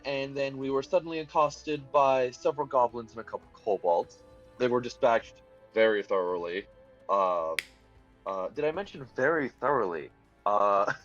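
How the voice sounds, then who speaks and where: A man's voice: mid-range voice, lo-fi sound. A man casually recapping a tabletop game session, rambling with lots of fillers. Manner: rambling, hesitant with many fillers. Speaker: player giving session recap.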